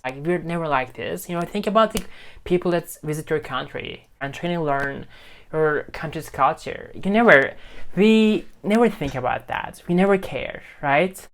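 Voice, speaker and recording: A man's voice: on the high side, normal speed, fairly bright tone. A man who teaches English gives an informal lesson straight to the camera on a phone. He speaks emphatically, repeats himself, and keeps checking in with "okay?". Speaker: English teacher and video host. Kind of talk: talking-head lesson to camera.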